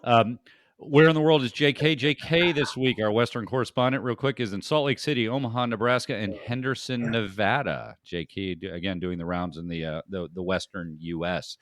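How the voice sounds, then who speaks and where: Low-voiced, rambling podcast host man. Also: fairly quick, a bit bright, dry recording. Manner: rambling, many fillers and restarts. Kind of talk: casual chat.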